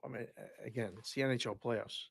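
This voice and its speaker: A man co-hosting a sports podcast, a former player and youth coach, explaining hockey in a measured, wry way. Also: medium pitch, steady tone, gravelly, no room sound, studio quality. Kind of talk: casual sports talk.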